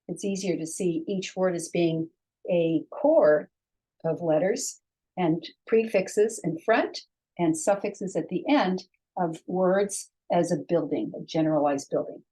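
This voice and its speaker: Slow, patient woman teaching Hebrew. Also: lowish voice, mellow. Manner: slow, patient, sounds out syllables for learners to repeat. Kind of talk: online language lesson.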